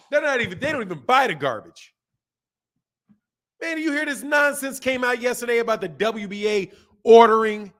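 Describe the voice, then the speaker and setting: A man hosting a boxing live stream, reading viewer comments and ranting in animated, slangy talk. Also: high voice. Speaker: boxing channel host.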